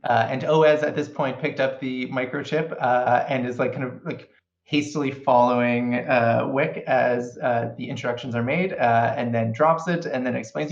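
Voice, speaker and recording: A man's voice: medium pitch, fairly even intonation, normal speed. Man narrating in a roomy, muffled recording. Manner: hesitant, filler-heavy narration. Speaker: player. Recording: roomy, dull lo-fi sound.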